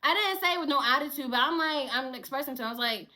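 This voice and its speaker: A young woman with a high, bright voice tells a story from her cashier job straight to the camera. She talks in an animated, repetitive way and swears as she vents. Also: fast talker. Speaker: store cashier telling a work story.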